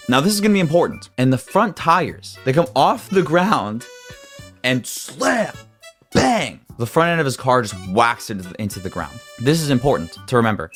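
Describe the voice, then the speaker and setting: With a medium-pitched voice, a young man narrates a story-time vlog with excitement. He veers from loud bursts to quiet asides, with some swearing and stammering along the way.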